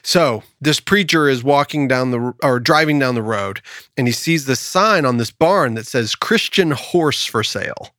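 A man hosting a podcast, chatting casually and telling jokes in an animated way, often laughing. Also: medium pitch, normal speed, clean tone, no echo, clean studio sound. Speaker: podcast host. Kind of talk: casual chat and joke telling.

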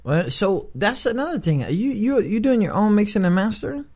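A man's voice: very animated, moderate pace. A man hosting a casual interview chat, swearing freely and often laughing. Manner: loud, profane, laughing rants with swings in pitch. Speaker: podcast host.

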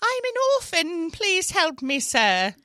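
Scheming orphan boy, high and thin, in a put-on British accent, voiced by a woman. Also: huge pitch swings, takes it slowly, sharp tone, no echo, studio quality, heavily acted. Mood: pleading. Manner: pleading, then boastful.

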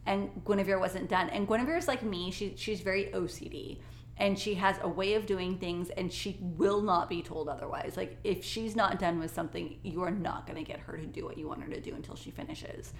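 A woman retells a family story in an animated way and laughs easily. Her voice sits at an ordinary pitch in a roomy, echoey space with a faint background hiss. The talk is casual and conversational. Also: fairly quick. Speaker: co-host, mother.

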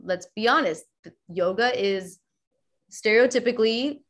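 A middle-aged woman yoga teacher, talking as a guest in a relaxed interview, lively and quick to act out the voices she quotes. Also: on the high side, highs cut off. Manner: animated, acts out quoted voices. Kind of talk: casual interview chat.

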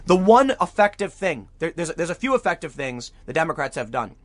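A man's voice: a little high, sing-song, brisk. A man giving opinionated political commentary as he reads news aloud, emphatic and prone to repeating words when fired up.

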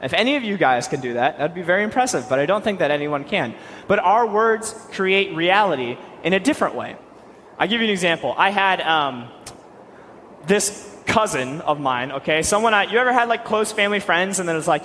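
A young man preaching a sermon, animated and quick-talking, with joking asides. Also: high voice, big-room sound, slight background noise.

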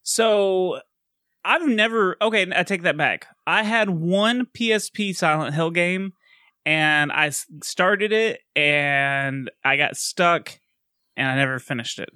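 A man with a high, bright voice that swings widely in pitch, chatting about a movie on a podcast. He talks in an animated way, laughs often and restarts his sentences. The recording is dry and close. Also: slow, clean tone, no echo. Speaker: podcast co-host. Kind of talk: casual movie-review chat.

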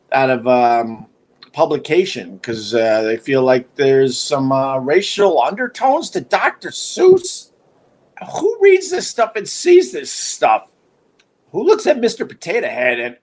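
A man hosting a livestream, telling a long casual story in a restless, self-mocking way, full of restarts and asides. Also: on the high side. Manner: wry, self-mocking humor. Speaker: livestream host.

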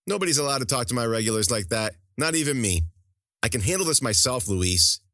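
A man's voice: medium pitch, expressive, a little fast, pushed and bright, no echo, clean studio sound, pitched above the performer's own voice. A man voicing a tough, hard-drinking woman detective who talks bluntly and sarcastically. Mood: sarcastic defiant.

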